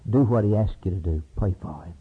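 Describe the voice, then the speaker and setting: A male preacher delivers a sermon, swinging from loud high cries to low hushed storytelling. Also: fast talker, slightly rough. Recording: tinny lo-fi sermon tape.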